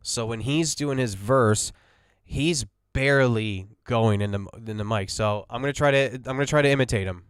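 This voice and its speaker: A man hosting a casual mixing tutorial, talking quietly through a migraine and correcting himself as he explains. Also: mid-range voice, moderate pace, clear, resonant tone, dry recording, studio quality. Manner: rambling, self-correcting explainer. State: has a migraine, talks quietly. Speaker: audio mixing host.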